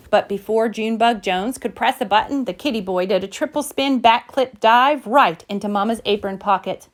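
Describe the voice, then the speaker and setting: A woman narrating a rhyming children's picture book in a gentle, rhythmic storytelling manner. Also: fairly high pitch, moderate pace, few pauses. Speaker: storybook reader. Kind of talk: scripted narration.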